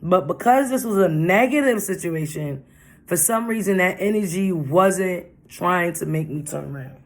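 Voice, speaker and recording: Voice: medium pitch, normal speed. A casual storytime vlog told in a loose, rambling voice. The speaker circles back and repeats lines, leaning on slangy street talk. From Brooklyn, New York. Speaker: vlogger.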